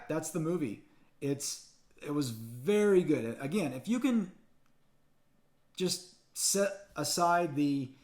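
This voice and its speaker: A man reviewing a movie in a casual spoken recap, retelling the plot in an excited, chatty way with quick restarts. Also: on the high side.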